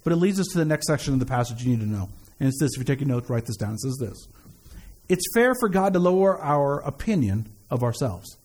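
A man's voice: medium pitch, very animated, fast talker, a little mellow, husky. A man in his thirties preaching a sermon in a casual, conversational way, mixing in slang and humor and repeating phrases for emphasis. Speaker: pastor.

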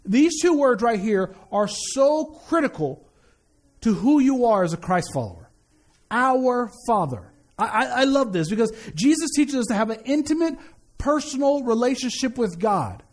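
High-voiced joking pastor preaching. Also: male voice, big pitch swings, moderate pace, a little mellow. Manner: conversational, joking asides to the congregation. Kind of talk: sermon. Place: church sanctuary.

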